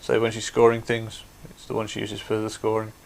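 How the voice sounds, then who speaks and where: A man's voice: on the low side, completely flat delivery, fairly quick, creaky. A man hosting a craft livestream, chatty and explaining things step by step. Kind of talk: casual demonstration.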